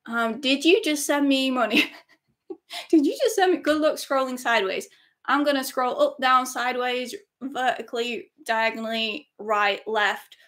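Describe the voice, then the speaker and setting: A high-pitched woman hosts a live stream giveaway, gushing with excitement. She chats casually with viewers and reads their comments aloud as she goes. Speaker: music channel host.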